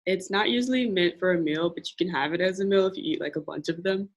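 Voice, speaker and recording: A young woman presenting a classroom lesson, speaking patiently and repeating phrases slowly for learners. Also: lowish voice. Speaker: language and culture presenter. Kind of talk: classroom teaching.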